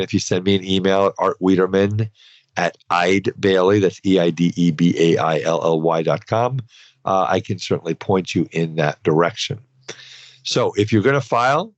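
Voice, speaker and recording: A man's voice: low voice, no echo. A man hosting a podcast, explaining financial rules in a conversational, advisory way with loose asides. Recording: dull, dry podcast recording.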